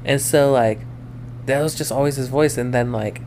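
A podcast co-host in casual chat who makes dry, offhand remarks and now and then mimics high voices. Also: normal speed, darkish tone, a little hiss or hum.

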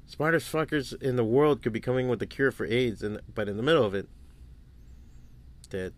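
At a moderate pace and medium pitch, a forties-aged podcast host talks alone into the mic. His storytelling is casual, crude and rambling, with plenty of swearing.

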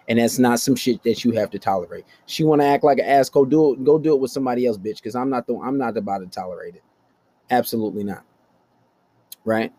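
A man's voice: dark tone, husky. A young man hosting a podcast, improvising a profane, casual story about dating. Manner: profane, storytelling, mimics voices in high pitch. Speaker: podcast host.

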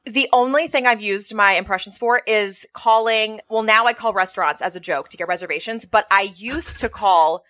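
A woman's voice: mid-range voice, moderate pace, hardly any pauses, bright, forceful tone. A woman co-hosting a podcast in casual chat, playful and jokey, laughing often. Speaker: podcast co-host.

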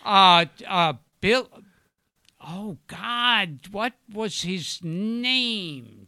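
An older man, a podcast guest, telling rambling stories in a halting way, with loud bursts of laughter. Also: high voice, lively intonation, clear, resonant tone. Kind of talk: casual storytelling chat.

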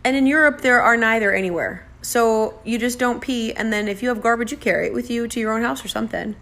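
A woman's voice: on the high side, gravelly. Chatty American woman telling a travel story. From United States. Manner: chatty, animated, self-deprecating, acts out dialogue.

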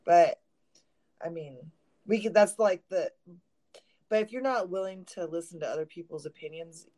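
A woman's voice: on the low side, moderate pace, warm tone. A woman co-hosting a podcast in casual chat, blunt and self-mocking, swearing freely. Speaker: podcast co-host.

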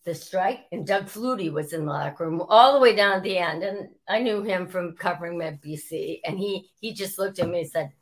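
A woman's voice: fairly quick, hardly any pauses. A woman, a former sports reporter telling stories as an interview guest and acting out quotes as she goes. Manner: animated, acts out quotes with rising pitch. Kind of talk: storytelling interview.

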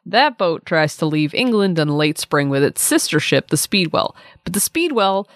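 A woman co-hosting a comedy history podcast, narrating from a script with sarcastic, deadpan asides. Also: lowish voice, normal speed, no echo, studio quality. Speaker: podcast co-host.

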